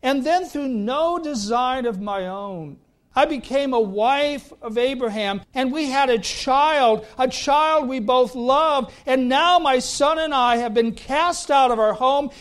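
A man's voice: extremely high pitch, slow, voice pushed up. A male preacher voicing the imagined thoughts of a desperate young mother cast out of her home. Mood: despairing.

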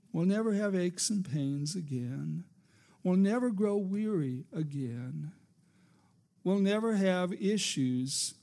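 A man preaches a sermon, in a rather high, gravelly voice. He takes his time, lets his phrases rise and fall for emphasis, and drops to a near hush before asking the congregation for an amen. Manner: preacherly, rising and falling for emphasis, calls for amen. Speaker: pastor.

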